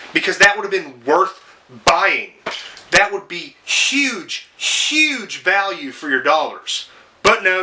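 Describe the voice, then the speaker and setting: Here a young man with a medium-pitched, sharp-toned voice delivers a sarcastic, profanity-laden video game review rant for a commentary video. He swears often and keeps breaking off into exasperated asides.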